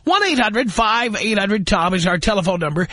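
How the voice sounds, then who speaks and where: Sharp, animated male radio host. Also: high-pitched, no room sound, studio quality. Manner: blunt, sarcastic, rapid-fire questioning. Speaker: radio talk show host. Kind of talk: call-in radio talk.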